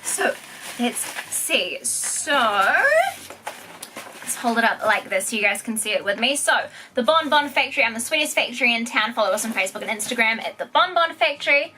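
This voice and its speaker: High, bright, gushing young woman vlogger. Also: expressive, a little fast, a little hiss or hum. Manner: gushing, giggly, keeps exclaiming. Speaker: vlogger unboxing products. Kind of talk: excited unboxing vlog.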